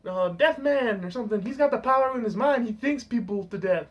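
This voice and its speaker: A man's voice: high voice, brisk, few pauses. A young man ranting casually on camera, rambling and swearing, saying "dude" constantly. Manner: profane, rambling, full of "dude". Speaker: vlogger. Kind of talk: casual rant.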